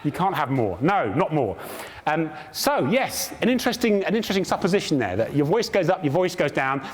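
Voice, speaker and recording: A man's voice: fairly high pitch, big pitch swings, fairly quick, breathy edge. A man presenting a live science show on stage, with jokey, theatrical patter and mock pomposity. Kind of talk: comic live science demonstration. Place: live stage show at a large public event.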